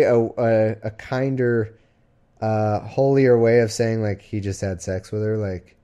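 A man's voice: fairly low pitch, fairly even intonation, unhurried, warm tone, clean tone. A man hosting a comedy podcast, reading archaic Bible verses aloud and breaking off into sarcastic, irreverent asides. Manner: reads archaic verse then riffs casually. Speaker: podcast host.

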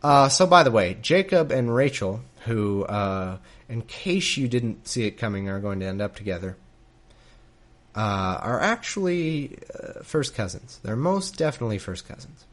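A man's voice: medium pitch, animated, normal speed. A man reading scripture aloud and breaking off for wry, joking asides. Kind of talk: Bible reading with comedic commentary.

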